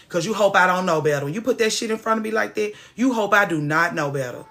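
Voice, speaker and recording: Woman host, bright, mid-pitched voice, swears freely, vents with emphasis. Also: expressive, quick pace, few pauses. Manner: emphatic, profane ranting. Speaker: podcast host. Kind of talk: casual chat.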